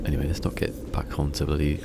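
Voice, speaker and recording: English man, game streamer, deep voice, rambling casual chat, restarts sentences. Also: little pitch movement, fast talker, vocal fry, very noisy. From England.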